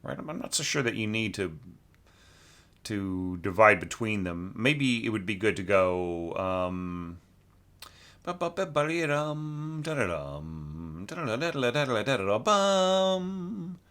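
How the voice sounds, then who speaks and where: An orchestration teacher reviews a student's score in a fairly low, expressive voice with a fairly bright tone, taking his time. His informal critique is packed with fillers and tag questions, and he hums and scats lines to show phrasing.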